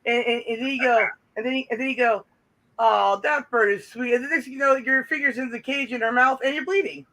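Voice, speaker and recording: A man chats casually as a call-in guest, cracking jokes and tripping over his restarts. His voice sits high and sounds bright and sharp. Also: fairly even intonation, quick pace, hardly any pauses, low-quality recording. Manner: jokey, giggly, stammering restarts. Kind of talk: casual chat.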